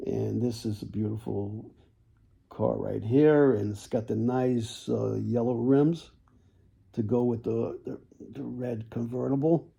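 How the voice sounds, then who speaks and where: Gravelly, dark-voiced man selling toy cars. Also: medium pitch, fairly even intonation, slow pace. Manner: folksy salesman patter, repeats himself, frequent throat clearing. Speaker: toy car seller. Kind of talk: casual sales video.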